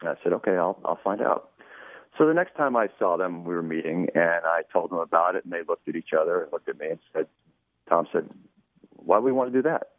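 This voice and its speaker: A man's voice: low-pitched, fairly quick, no room sound. A man, producer of a radio show, telling an anecdote as an interview guest in a chatty style, acting out quoted dialogue with many "you know"s over a phone line.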